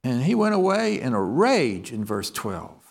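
Male preacher with a lively, swooping pitch, asks the room questions as he goes. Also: unhurried, creaky. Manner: reads scripture aloud in King James wording. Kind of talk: sermon.

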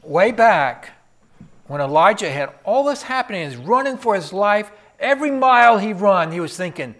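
A man preaching a sermon in an animated storytelling way, swinging from loud to soft. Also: high-pitched, normal speed.

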